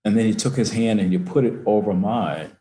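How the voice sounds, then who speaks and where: An older man with a low voice tells a personal story in a heartfelt, unhurried way. He speaks over a video call from an echoey room. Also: mellow. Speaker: guest speaker.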